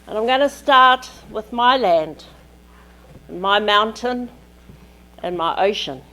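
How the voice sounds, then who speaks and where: A woman delivers a conference keynote in a lecture hall. She speaks slowly and deliberately, in short measured phrases. Her voice sits at an ordinary middle pitch. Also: animated, bright, forceful tone. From New Zealand.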